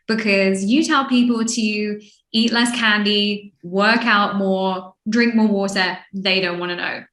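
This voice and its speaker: A woman from London with an English accent, a sleep expert guest who talks in an animated way and acts out people's reactions. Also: medium pitch, takes it slowly, roomy sound. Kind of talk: lively interview chat.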